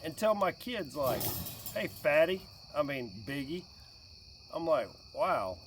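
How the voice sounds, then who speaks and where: A man in his late forties chatting casually and jokingly by a campfire outdoors, getting animated when quoting his kid. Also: fairly high pitch, a little slow, recorded from a distance, slight background noise. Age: 40s. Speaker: vlogger. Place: outdoors by a fire at night with crickets.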